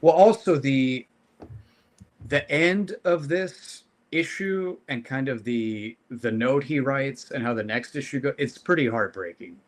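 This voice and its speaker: A man co-hosting a casual podcast, talking through a comic's story in a measured, analytical way with some hesitations. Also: mid-range voice. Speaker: podcast co-host. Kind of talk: casual comic book discussion.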